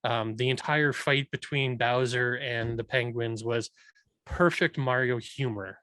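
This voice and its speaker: A man talks at length in a relaxed podcast conversation and argues his views with many restarts. His voice sits at a middle pitch. The recording is dry and close, with no room sound. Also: unhurried, no room sound. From Irish heritage. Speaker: podcast host. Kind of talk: casual chat.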